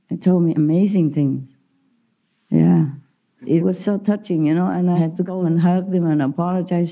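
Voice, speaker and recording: A woman with a low voice tells stories in a chatty way, often breaking into laughter. Her English has non-native grammar, and her tone is deeply mellow and soft-edged. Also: unhurried. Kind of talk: casual storytelling talk.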